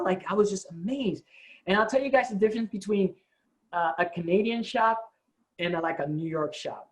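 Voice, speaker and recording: A man's voice: sits high, normal speed, rough recording. A man, a company co-founder, telling the story of his start to his staff, acting out the dialogue. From United States. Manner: animated storytelling, acts out quoted dialogue.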